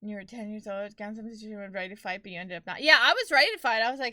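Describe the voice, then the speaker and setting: A woman's voice: mid-range voice, expressive, very fast, few pauses, bright, forceful tone, dry recording, clean studio sound. A young woman streaming and chatting with her viewers, telling stories casually and laughing often. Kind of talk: casual chat with live chat.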